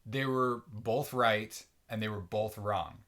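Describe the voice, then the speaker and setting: Relaxed man podcast co-host. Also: on the low side, takes it slowly. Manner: relaxed, frequent agreeing fillers. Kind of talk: casual recap chat.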